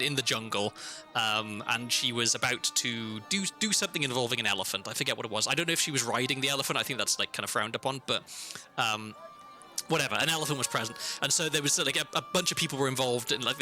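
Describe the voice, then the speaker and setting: A young man from South Wales, speaking with his home accent as he streams a game. He rambles casually, stumbling over his words and looping back on himself. His tone is bright and sharp, with faint music in the background. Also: medium pitch, fast talker. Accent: South Welsh. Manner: rambling, self-interrupting storyteller. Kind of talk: casual chat while playing a game.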